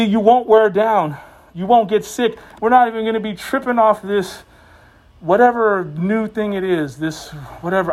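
A man with a notably high voice preaches a sermon. He talks to the congregation in a relaxed, conversational way and slips jokes in between the scripture. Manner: conversational and joking.

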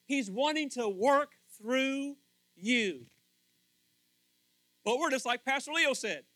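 A male preacher with a very high, bright, forceful voice, recorded dry and close. He preaches in a folksy, story-driven way and keeps tossing fill-in questions to the congregation. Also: lively intonation, takes it slowly, long pauses, dry recording, poor audio. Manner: asks the crowd fill-in questions. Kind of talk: sermon.

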